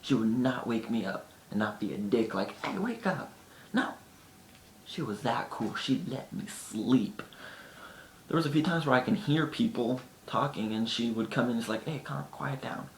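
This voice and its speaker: Man telling stories to camera, chatty, mid-pitched, echoey room with a faint low rumble. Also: normal speed. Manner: chatty, often acts out friends' lines. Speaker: vlogger. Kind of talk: casual storytelling to camera.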